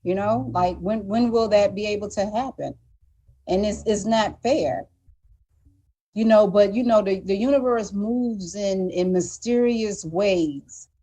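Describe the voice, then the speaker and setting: A woman appears as a guest on a live talk show, telling her story earnestly and emotionally in a candid conversation. Her voice is mid-range, warm and a little slow, and she often repeats words as she restarts sentences.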